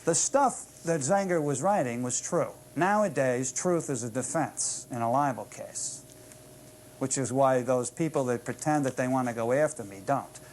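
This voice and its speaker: A man's voice: medium pitch, moderate pace, darkish tone, slight background noise. An older man hosting a public access show, delivering a combative, sarcastic monologue full of rhetorical asides. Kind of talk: ranting monologue. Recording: old public access tape.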